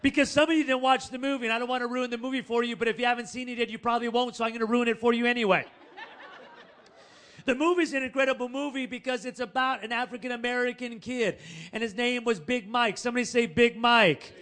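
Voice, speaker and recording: High-voiced man preaching a story sermon. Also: fast talker. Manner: animated, chatty, laughing asides, calls to the congregation. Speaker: pastor.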